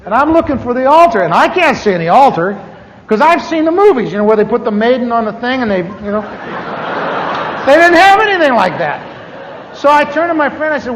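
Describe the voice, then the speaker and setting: A man's voice: very high-pitched, fairly quick, a little hiss or hum. A middle-aged man teaching a class, telling a humorous personal testimony and acting out the voices of the people in his story. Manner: animated, acts out quoted voices. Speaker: church teacher. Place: large church hall. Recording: echoey hall, dull 1980s tape.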